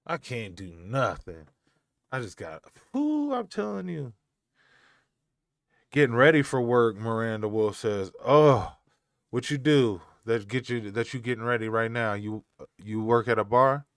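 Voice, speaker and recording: A man's voice: mid-range voice, expressive, a little slow, smooth, no echo, clean studio sound. A young adult man hosting a live stream from home, reading chat aloud and talking in a loose, slangy way with frequent laughs.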